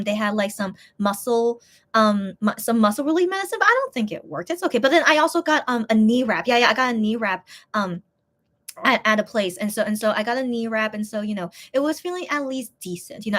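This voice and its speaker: A young woman telling a story in a casual, rambling way, with lots of restarts and fillers. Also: medium pitch. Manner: lively, breaks into laughs. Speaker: vlogger.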